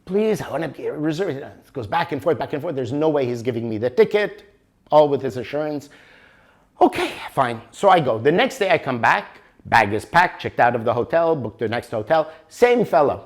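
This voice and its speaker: Animated storytelling workshop presenter, man. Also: medium pitch, moderate pace. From Canada. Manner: animated storyteller, acts out dialogue.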